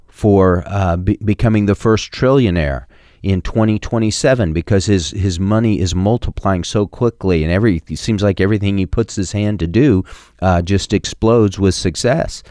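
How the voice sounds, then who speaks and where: A middle-aged man preaching a sermon, emphatic and building to sharp peaks, quoting scripture with chapter and verse. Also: on the low side, no echo, studio quality. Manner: emphatic preaching, rising sharply on key points. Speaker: pastor.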